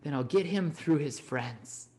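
A man voicing a scheming, manipulative man who coaxes with hushed temptations. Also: fairly high pitch, lively intonation, unhurried.

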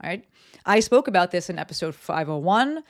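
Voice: medium pitch, sing-song, a little fast. Chatty podcast host from New Jersey. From East Coast US, New Jersey. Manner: chatty and candid, frequent ums and likes, casual swearing. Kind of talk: casual solo business podcast. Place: home office.

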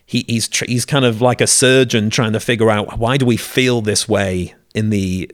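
Lower-voiced man, lively storyteller. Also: normal speed, no room sound, studio quality. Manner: lively storyteller, acts out quoted lines. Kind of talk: casual literary discussion.

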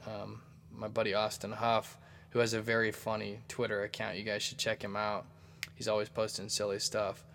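A man's voice: lowish voice, completely flat delivery, normal speed, vocal fry, fairly bright tone. A young man, hosting a casual solo podcast from his apartment, rambling and poking fun at himself. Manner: rambling, self-mocking, chatty. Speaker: podcast host. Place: apartment room.

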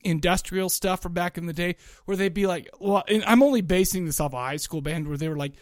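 A middle-aged man co-hosting a podcast in casual chat, rambling and excitable, often restarting his sentences. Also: sits high, brisk, no room sound, clean studio sound. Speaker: podcast co-host.

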